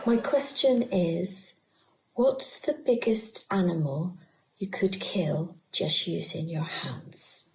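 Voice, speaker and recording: A woman asking a viewer question in a very slow, deliberate way. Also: fairly low pitch, expressive, a little hiss or hum, poor audio.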